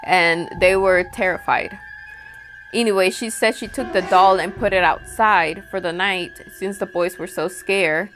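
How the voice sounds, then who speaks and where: A woman's voice: fairly low pitch, fairly even intonation, unhurried, fairly bright tone. A woman telling a personal ghost story in a casual storytime vlog, chatty and full of "like", with faint music underneath. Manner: chatty, peppered with "like" and acted-out quotes. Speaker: storytime vlogger.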